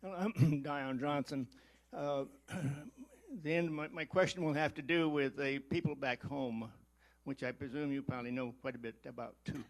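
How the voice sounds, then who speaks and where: An elderly man in his eighties asking a question from the audience, hesitant and clearing his throat as he works through a long setup. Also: mid-range voice, fairly even intonation, normal speed, rough recording. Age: 80s. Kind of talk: spoken question from the floor.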